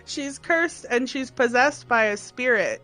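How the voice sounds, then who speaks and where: Halting, bright-voiced podcast co-host. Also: high-pitched, animated, soft background music. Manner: rambling, halting, many fillers. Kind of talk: casual chat.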